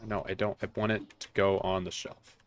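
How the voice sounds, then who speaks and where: A man's voice: low-pitched, level tone, normal speed. Rambling, self-mocking male game streamer. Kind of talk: casual let's-play commentary.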